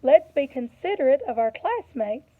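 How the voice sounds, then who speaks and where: A woman voicing a calm, firm male schoolteacher in a children's storybook reading, in a measured, patient manner. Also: sits high. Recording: tinny phone-like audio.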